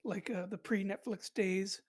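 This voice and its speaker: A woman hosts a casual podcast conversation. She rambles through her points with frequent fillers and restarts, at a middle pitch. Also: fairly even intonation, a little slow, darkish tone. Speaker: podcast host. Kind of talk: casual chat.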